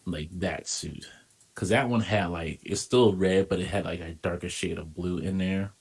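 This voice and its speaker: A man's voice: deep voice, moderate pace, slightly rough. A man from the United States, a podcast guest, rambling in a loose, playful way and teasing his co-host. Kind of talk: casual chat.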